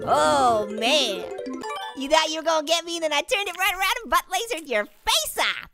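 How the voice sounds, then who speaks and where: A hyper cartoon orange squeaks and cackles through a let's-play, bragging and teasing everyone with silly potty jokes. His voice sits very high and swoops wildly up and down. Bouncy game music plays behind him. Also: very animated, moderate pace, creaky, full character voice. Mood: giddy, taunting. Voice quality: squeaky, giggling constantly. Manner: goofy, boastful, trash-talking with toilet humor. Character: cheeky hyper male talking orange. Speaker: gamer.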